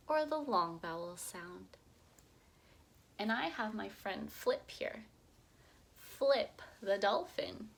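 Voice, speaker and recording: A woman teaching young children to read, sounding out vowels slowly and with exaggerated emphasis. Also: on the high side, fairly bright tone. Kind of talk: early reading lesson for young children.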